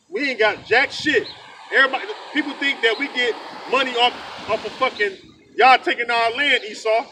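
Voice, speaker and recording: A man's voice: very high-pitched, gravelly. A man preaching heatedly outdoors, fiery and profane, tagging sentences with "man". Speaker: street preacher. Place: outdoors in the rain. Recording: distant mic with outdoor noise.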